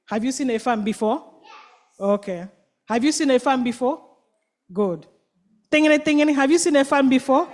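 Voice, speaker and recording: High-voiced woman telling a kids' story. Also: moderate pace, long pauses. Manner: animated, quizzing listeners with "what?" questions. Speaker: children's storyteller at church. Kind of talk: children's story with call-and-response. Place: church.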